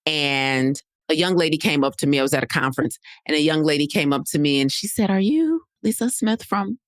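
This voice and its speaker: A woman's voice: sits low, fairly even intonation, fast talker, smooth, no room sound, clean studio sound. A woman podcast host, coaching listeners in a conversational way and often checking in with "right?". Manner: conversational, repeats key points, often asks "right?". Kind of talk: solo podcast teaching.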